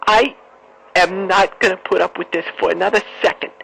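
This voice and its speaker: A hushed, melodramatic mother, put on by a man on a prank phone call, rambling on in a tense, sharp and fairly high voice. She keeps her voice low and tells her troubles. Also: fairly even intonation, moderate pace, vocal fry, slight background noise. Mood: hushed upset. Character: distraught middle-aged mother talking hushed. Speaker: prank caller.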